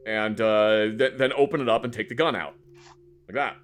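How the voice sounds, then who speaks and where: A man streaming a game, telling a story in a casual, animated way, acting out the scene, swearing and repeating words. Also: lowish voice, moderate pace, faint music behind.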